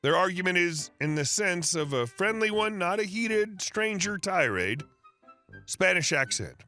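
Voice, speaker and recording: Guy reading a story out, high bright voice, soft music behind. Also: sing-song, measured pace. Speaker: narrator. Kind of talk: scripted story narration.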